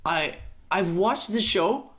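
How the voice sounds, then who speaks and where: A young man with a slightly high voice chats on a podcast. He rants in a casual, profane way, and his voice jumps sharply upward when he gets worked up. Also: takes it slowly. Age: young adult. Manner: profane, animated ranting with sudden pitch jumps. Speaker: podcast co-host. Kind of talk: casual chat.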